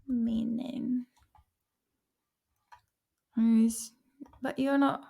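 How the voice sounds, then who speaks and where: A woman's voice: on the high side, level tone, takes it slowly, creaky, long pauses, mellow. A woman hosting a casual study-along vlog, playful and rambling, sounding out words over and over. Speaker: vlog host studying vocabulary.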